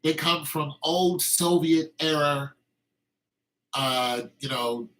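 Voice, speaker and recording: Male podcast host, fairly high and forceful, heated opinionated monologue. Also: slow, rough recording. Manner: heated and emphatic, with frequent restarts.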